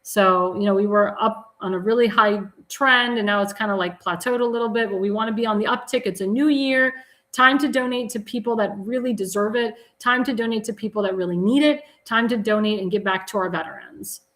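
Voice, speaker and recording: Woman talk show host; enthusiastic, promotional, repetitive donation pitches, self-correcting. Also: fairly quick, a bit bright, poor audio. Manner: corrects herself mid-sentence. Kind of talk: live political talk show.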